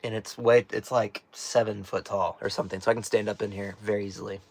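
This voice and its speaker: A man's voice: on the low side, flat delivery, fast talker, creaky. Chatty man with a cracking voice. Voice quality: voice cracks at times. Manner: chatty, jokey, laughs often. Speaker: host reading a live chat. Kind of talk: casual live-stream chat. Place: inside a small tiny house.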